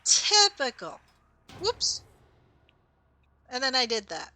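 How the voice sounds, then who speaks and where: Slow-talking bright woman streamer. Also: medium pitch. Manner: chatty, explains game lore, laughs at own mistakes. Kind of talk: casual gameplay commentary.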